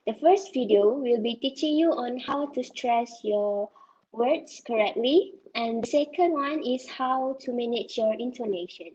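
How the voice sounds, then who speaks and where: Woman, workshop presenter, slow, husky, muffled lo-fi audio. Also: fairly high pitch, warm tone. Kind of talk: online workshop talk. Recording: dull, muffled sound.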